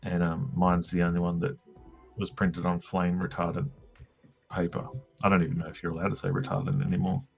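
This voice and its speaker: With a low, flat, slightly rough voice and some vocal fry, an Australian man talks briskly as he draws comics on a livestream. His chat is casual and rambling, full of jokes, ums and tangents. Faint music plays behind the dull lo-fi audio.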